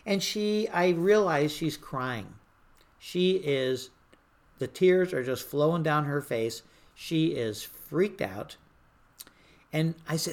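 Older person telling a work war story, lively, does the voices and shouts the quotes. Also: mid-range voice, takes it slowly. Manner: animated, acts out quotes in raised voices.

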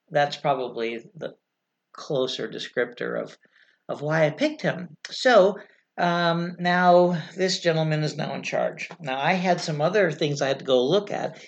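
Middle-aged Californian woman, ex-fire officer, interview guest; frank, blunt storyteller, a bit muffled on a lo-fi recording. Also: sits low.

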